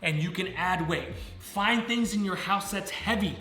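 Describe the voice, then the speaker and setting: A man's voice: high-pitched, measured pace, bright, forceful tone. A man coaching fitness in a casual home vlog, upbeat and talking straight to the viewers. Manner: upbeat, coaching, keeps calling viewers guys. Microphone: camera set up nearby.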